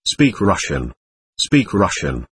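A man's voice: deep voice, very animated, slow, a little hiss or hum, voice pushed down, full character voice. A man reading as a fiery, proud young woman. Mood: impatient. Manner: furious, cutting.

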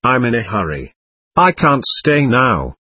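Man doing a cocky teenage schoolboy, mocking, husky, lively pitch. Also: measured pace, no room sound, heavily acted. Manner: lofty, mocking and self-assured.

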